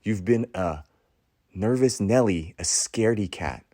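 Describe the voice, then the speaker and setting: This man, a podcast host, has a lowish, mellow voice with lively intonation as he gives a preachy motivational monologue in a sermon-like cadence. He pauses dramatically, repeats phrases, and restarts with stammers, captured in a dry, studio-quality recording.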